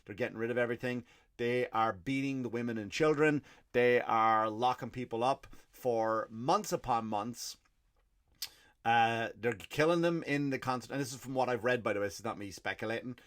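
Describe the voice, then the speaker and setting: An Irish man rants through a solo comedy podcast. He swears constantly and keeps cutting in with his own questions and answers. His voice sits at an ordinary middle pitch for a man. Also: moderate pace, fairly bright tone. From Ireland. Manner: profane, ranting, self-answering asides. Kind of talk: stand-up style rant.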